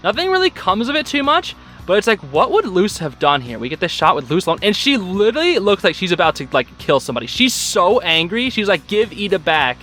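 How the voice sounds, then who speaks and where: A young man giving a casual, excitable recap of a show episode, full of filler words. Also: sits high, fast talker, faint music behind.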